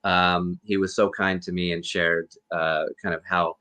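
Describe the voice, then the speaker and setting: A man's voice: deep voice, little pitch movement, unhurried, pushed and bright. A man, a guest actor and costume performer, earnestly telling a rambling story over a video call. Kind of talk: casual storytelling interview.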